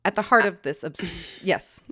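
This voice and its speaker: A woman with a lowish voice presents her research on a podcast, reading steadily from notes. She breaks into sharp outrage at the injustices she describes. The sound is dry and close. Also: measured pace, husky, no room sound. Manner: reads prepared notes, flares into heated outrage. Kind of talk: scripted history podcast with casual banter.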